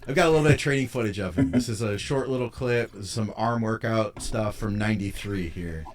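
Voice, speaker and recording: A man hosting a casual chat, reacting quickly and laughing easily. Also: on the low side, a little hiss or hum. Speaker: host.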